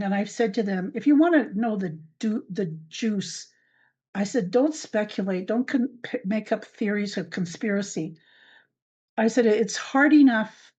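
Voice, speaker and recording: An older woman hosting her own podcast, telling a personal account in a halting way with many fillers and restarts. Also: medium pitch, darkish tone. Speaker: podcast host. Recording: dull lo-fi recording.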